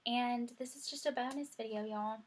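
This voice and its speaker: A woman's voice: fairly high pitch, steady tone, moderate pace. A young woman, chatting casually through a makeup tutorial and saying "y'all" a lot. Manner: chatty, rambling, says "y'all" often. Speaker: beauty vlogger.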